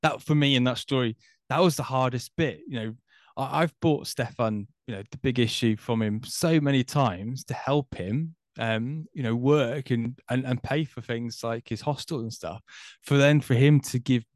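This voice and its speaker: A man in his thirties speaks in a reflective, unhurried way, pausing often with fillers as he gathers his thoughts. His voice sits at an ordinary male pitch and is recorded close and dry, with no room sound at all. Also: no echo. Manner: thoughtful, hesitant, many fillers. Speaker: guest. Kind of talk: reflective conversation about faith.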